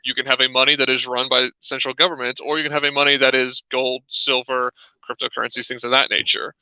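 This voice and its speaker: A man's voice: mid-range voice, level tone, quick pace, pushed and bright, smooth, no room sound, dull audio. A man co-hosting a live-streamed discussion, talking casually with lots of "um" fillers and putting questions to his co-host over a video call. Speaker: livestream co-host.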